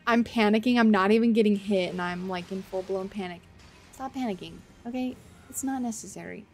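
A woman streaming a game, chatting to her viewers in a flustered, self-mocking way, with loud panicked outbursts and casual swearing. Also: mid-range voice, brisk. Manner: swears casually, talks to chat. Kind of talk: casual gameplay commentary. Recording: faint game music behind.

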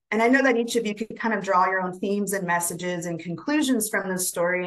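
A woman presenter telling a traditional folk tale in a gentle, unhurried way, with frequent fillers. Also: lowish voice, low-quality recording. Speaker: webinar presenter. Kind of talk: oral storytelling.

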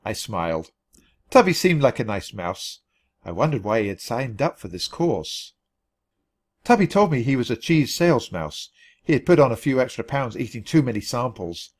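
Expressive male storybook reader. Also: mid-range voice, normal speed. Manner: expressive, clear reading at natural speed. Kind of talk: storybook narration for language learners.

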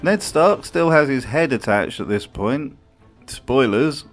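A man's voice: medium pitch, animated, slow pace, soft background music. A man delivering comedic scripted commentary in a dry, sardonic way. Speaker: video host.

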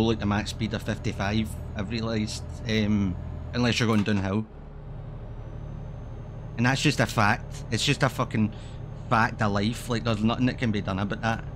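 A man's voice: on the low side, normal speed, noisy background. A man giving casual, rambling commentary while playing a driving game, swearing freely as he chats. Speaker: streamer.

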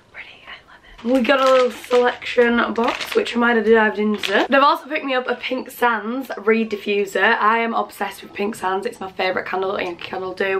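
A young British woman excitedly chatting through her presents in a casual vlog. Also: medium pitch, slight background noise. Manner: gushing, chatty, full of fillers. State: out of breath. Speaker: vlogger. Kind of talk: casual gift haul vlog.

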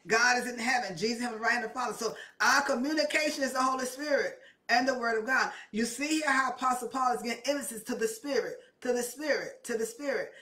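A woman's voice: fairly high pitch, bright, forceful tone. A woman preaching a sermon with impassioned, repetitive emphasis that rises and presses her points. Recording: echoey room, mic at a distance.

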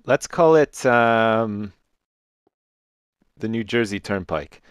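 Lowish-voiced sarcastic gamer man. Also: slow pace, clean tone, no echo. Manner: sarcastic teasing, laughs a lot. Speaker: co-host Minecraft let's play. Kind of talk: casual gaming chat. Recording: dry close mic with faint music.

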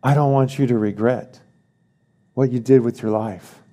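A man's voice: medium pitch, fairly even intonation, normal speed, warm tone. A man preaching a sermon as pastor, emphatic, repeating key phrases and asking the congregation questions.

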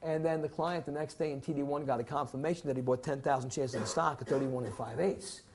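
A man's voice: medium pitch, steady tone, quick pace. A man teaching a securities licensing class, lecturing theatrically and acting out client and broker scenes for the students. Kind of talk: classroom lecture with acted scenarios.

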